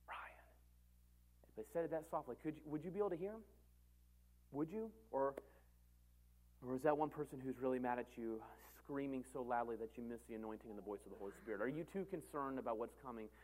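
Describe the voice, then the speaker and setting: A man in his thirties, a pastor preaching a sermon in an earnest way, repeating phrases for emphasis and swinging between loud and soft. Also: medium pitch.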